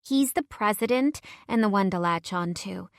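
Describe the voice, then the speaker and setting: Bubbly young party girl, eager and chatty, voice pushed up higher, woman narrator doing her. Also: moderate pace, dry recording, studio quality, close to an everyday voice.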